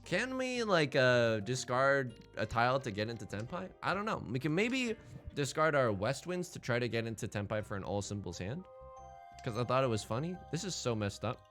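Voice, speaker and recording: A young man streaming a tile game, rambling and self-deprecating as he thinks out loud. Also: mid-range voice, sing-song, normal speed, faint music behind. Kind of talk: casual game commentary.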